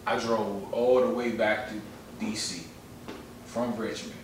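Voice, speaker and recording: A man telling a personal story in casual chat, animated and full of slang and repetition. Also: on the low side, a little slow, slight background noise. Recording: echoey room, far from mic.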